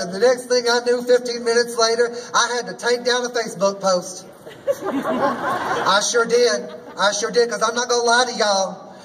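A man's voice: extremely high pitch, a bit bright, recorded from a distance, slight background noise, rough recording. A man performing as a drag queen emcee, hosting a rally with a sassy, folksy manner and rallying the crowd. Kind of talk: rally speech. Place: outdoor rally.

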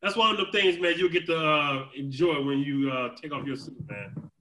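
A man's voice: a little high, normal speed, a crowd in the background, low-quality recording. A man hosting a podcast over a video call, telling casual stories and acting out quoted dialogue with frequent laughter. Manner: animated storytelling, acts out quoted dialogue, laughs often. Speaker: podcast host. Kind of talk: casual chat.

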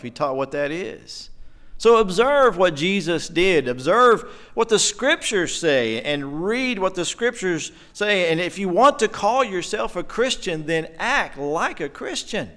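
A man's voice: a little high, a bit bright. A middle-aged man preaching a sermon in a church, earnest and emotional, pressing his points with emphasis. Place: church sanctuary.

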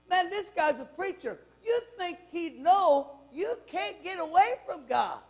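Very high-voiced male pastor preaching. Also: darkish tone, low-quality recording. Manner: emphatic preaching, reads scripture aloud, asks the congregation questions. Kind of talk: sermon. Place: church sanctuary.

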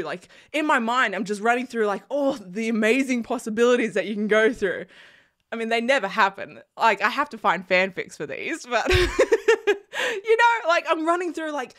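A young woman gushing excitedly about a TV show in a casual reaction vlog, laughing often, recorded indoors in a small room. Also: high-pitched, normal speed. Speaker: reaction vlogger.

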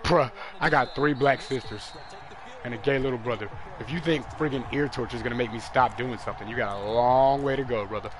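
A young man streaming a football video game live, trash-talking and commentating, dropping to mutters and jumping up to yells. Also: medium pitch, a little fast, crowd noise. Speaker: gaming streamer.

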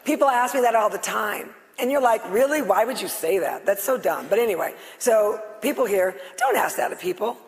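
A middle-aged woman on stage, giving a loud, passionate, excitable testimony to a live audience. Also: medium pitch, fairly quick, few pauses. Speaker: guest speaker sharing her healing testimony. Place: on stage before a live audience in a large hall. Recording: long reverb of a large hall.

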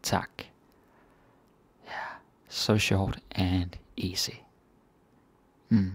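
Deep slow Danish-accented man teaching. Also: slightly rough, dry recording. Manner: relaxed, repeats words slowly for learners. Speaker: language teacher. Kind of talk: casual language lesson.

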